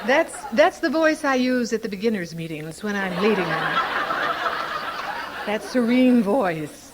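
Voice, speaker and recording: An older woman speaking at a recovery convention before a live audience, an animated, playful storyteller who laughs often. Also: medium pitch, unhurried, crowd noise, noisy background. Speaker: Al-Anon speaker.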